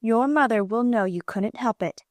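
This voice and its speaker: A woman voicing a kind, cheerful aunt who speaks gently in a storybook. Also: on the high side, moderate pace, dry recording, lightly acted. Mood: soothing. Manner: gentle, soothing.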